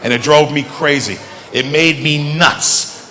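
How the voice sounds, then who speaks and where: A middle-aged male comedian doing stand-up, telling lively stories and switching between English and Greek. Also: fairly high pitch, slow pace. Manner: animated storytelling, switches into Greek. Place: comedy stage. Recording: reverberant stage hall, faint ambience.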